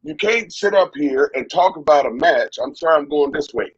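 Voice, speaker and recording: A middle-aged man tells his story in a husky, slightly breathy voice, circling back and repeating himself as he goes. The sound is dry and somewhat dull, like lo-fi audio. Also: on the high side, moderate pace, dry recording. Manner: animated, repetitive storyteller. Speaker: wrestling guest. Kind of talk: storytelling interview.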